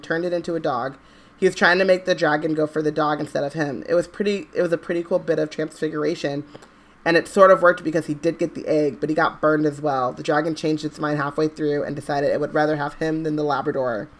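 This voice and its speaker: A woman co-hosting a book podcast, reading a chapter aloud in a steady way and breaking off into blunt, joking asides. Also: deep voice, fast. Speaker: podcast co-host.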